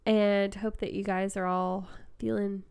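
A young woman co-hosting a podcast in casual chat, her voice hoarse and worn out, with a lot of "like" in her talk. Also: mid-range voice, little pitch movement, a little slow, darkish tone. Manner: chatty, says "like" a lot. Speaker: podcast co-host.

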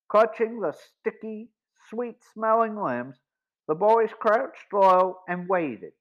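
Man, audiobook narrator, high voice, measured reading, muffled sound. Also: animated. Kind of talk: scripted story narration. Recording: dull lo-fi recording.

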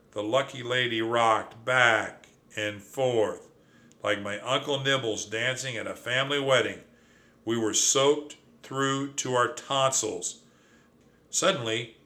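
A man reading a children's adventure story aloud in first person, with lively, dramatic telling. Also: mid-range voice, gravelly. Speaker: audiobook narrator. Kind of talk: storybook narration.

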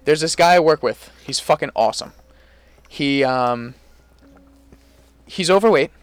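A young man with a somewhat high voice tells stories in a casual podcast chat. He is animated and profane. The sound is close and dry. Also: measured pace, clear, resonant tone, no room sound. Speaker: podcast co-host.

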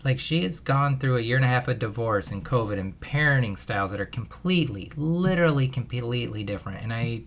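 A man of middle pitch talks alone on his podcast in a loose, unscripted way. He rambles, corrects himself and laughs at his own mistakes now and then. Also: animated, brisk, hardly any pauses, slight background noise. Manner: rambling, self-deprecating, laughs often. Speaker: parenting podcast host. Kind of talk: casual solo podcast monologue.

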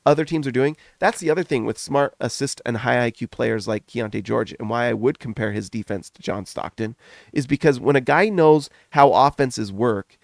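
A middle-aged man hosting a sports podcast, gushing in animated, rapid runs of casual commentary while still foggy from a recent illness. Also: mid-range voice, gravelly, dry recording. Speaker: podcast host.

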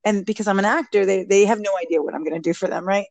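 Gravelly-voiced woman telling a story. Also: medium pitch, very fast, no room sound. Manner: animated, acts out quoted speech. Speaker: guest, author and mother. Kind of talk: casual storytelling interview.

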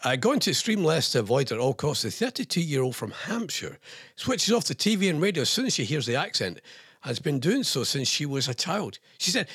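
A man's voice: a little high, sing-song, brisk, a bit bright, husky, dry recording, clean studio sound. A man with a Scottish accent hosting a radio show, reading quirky news stories and adding wry joking asides in a chatty way.

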